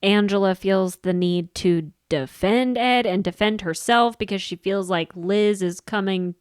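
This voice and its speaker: A woman co-hosting a podcast in casual chat, frank and profane, quick to agree with her co-host. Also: medium pitch, smooth, no echo, studio quality. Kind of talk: casual reality TV recap chat.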